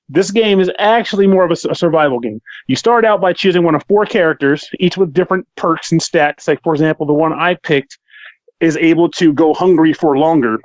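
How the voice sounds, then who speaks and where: Animated, joking male podcast co-host. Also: fairly high pitch, no room sound, muffled recording. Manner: animated, joking, profane rants. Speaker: podcast co-host, game reviewer. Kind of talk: casual chat.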